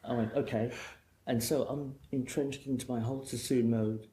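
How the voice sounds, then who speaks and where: A man's voice: medium pitch, steady tone, moderate pace, mellow. A middle-aged man from England, a guest hairdresser telling long rambling anecdotes in casual chat. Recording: echoey room with faint noise.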